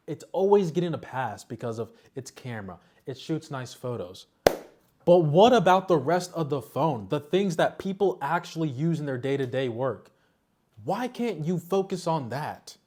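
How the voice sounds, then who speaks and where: A man's voice: a little high, darkish tone, no room sound. Frustrated, blunt male tech reviewer. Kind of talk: casual review rant.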